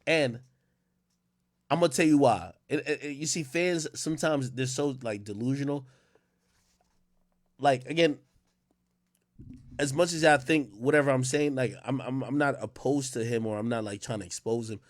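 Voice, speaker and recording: A man hosting a casual livestream, telling stories in a rambling, animated way with many fillers. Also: mid-range voice, moderate pace, long pauses. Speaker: livestream host.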